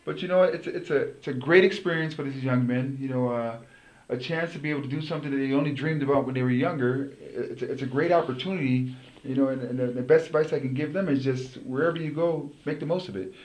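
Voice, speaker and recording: A man's voice: medium pitch, quick pace, darkish tone. A middle-aged man, a former pro football player, telling stories as an interview guest, rambling and restarting his words. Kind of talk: casual interview storytelling. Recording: roomy echo.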